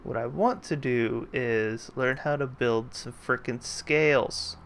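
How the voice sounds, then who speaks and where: A man's voice: medium pitch, steady tone, takes it slowly, a bit bright, a little hiss or hum. A man hosting a let's play, giving casual, jokey gameplay commentary and thinking aloud as he plays.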